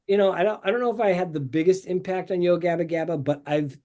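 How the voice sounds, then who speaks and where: A man with a slightly high voice talks as a guest on a podcast. He rambles through his stories in an upbeat, easygoing way, coming through a video call. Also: quick pace, warm tone, a little hiss or hum. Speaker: podcast guest, show artist. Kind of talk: casual interview chat.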